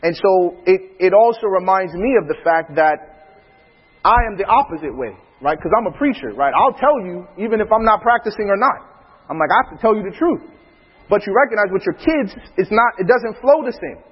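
A man who is a preacher, telling funny family stories in a laughing, animated way. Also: high voice, a little fast, husky, long reverb tail, muffled recording. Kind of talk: storytelling in casual talk.

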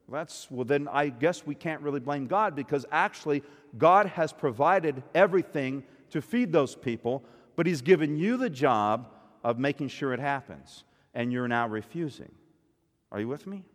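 Male preacher, high voice, emphatic and questioning, long hall reverb. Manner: emphatic, rhetorical questions to the congregation. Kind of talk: sermon.

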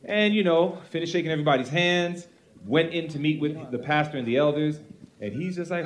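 A man, a pastor, telling a personal ministry story at a panel Q and A, animated and acting out the voices of the people he quotes. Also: on the high side, a little fast.

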